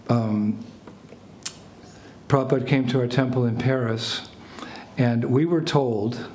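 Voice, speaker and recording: American man telling a lively story. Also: medium pitch. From United States. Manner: animated anecdotes, laughs, acts out French phrases. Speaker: spiritual teacher. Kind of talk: storytelling talk to a small group. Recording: echoey room with faint ambient noise.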